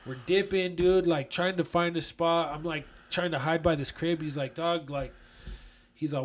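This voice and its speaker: A man's voice: on the high side, fairly even intonation, normal speed. A young man from Colorado telling a profane, slang-heavy story in casual chat, acting out the quotes. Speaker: guest storyteller.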